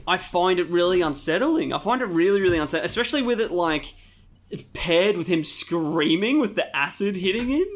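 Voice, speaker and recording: A man's voice: sits high, lively intonation, brisk. A man co-hosting a podcast, thinking aloud in casual chat, often restarting and repeating words. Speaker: podcast co-host. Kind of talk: casual chat reviewing a film.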